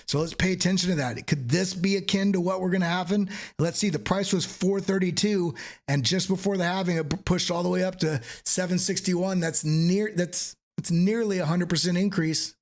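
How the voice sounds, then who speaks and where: High-voiced man posing rhetorical questions. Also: fairly even intonation, moderate pace. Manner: emphatic, repeats rhetorical questions. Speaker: host. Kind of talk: market analysis talk.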